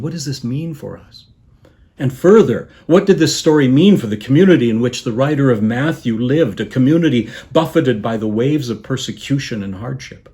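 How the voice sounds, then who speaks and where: Soft-falling, reflective male preacher. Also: medium pitch. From Canada. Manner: measured, dropping softly on quoted words; lilting, reflective storytelling. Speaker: guest preacher. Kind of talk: sermon.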